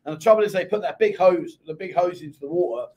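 A man's voice: sits high, quick pace, darkish tone. A man with a London accent hosting a live chat show, reading out viewer comments and answering them in a chatty way. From England. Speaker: host. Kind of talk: casual live-stream chat.

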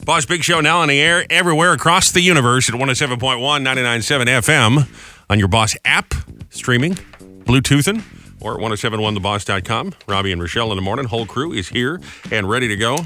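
A man's voice: medium pitch, fast, pushed and bright, no room sound, soft background music. A man hosting a morning radio show, upbeat and jokey, talking into a studio microphone. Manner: upbeat, jokey and self-mocking.

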